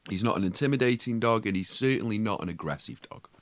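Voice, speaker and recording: A man's voice: on the low side, lively intonation, quick pace, no room sound. A man, co-hosting a podcast and telling a story in casual chat, acting out the other people's voices and swearing freely. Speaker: podcast co-host.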